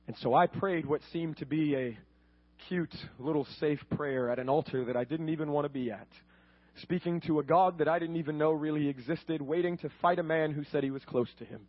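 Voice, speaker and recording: A man's voice: on the high side, lo-fi sound. A man telling his faith testimony as a sermon, earnest and storytelling, often repeating words.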